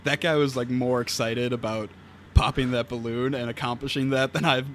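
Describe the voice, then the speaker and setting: A young man, a podcast guest, telling stories in casual chat, animated and laughing often. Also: medium pitch, moderate pace. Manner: animated storyteller, laughs through his stories. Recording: noisy background hiss.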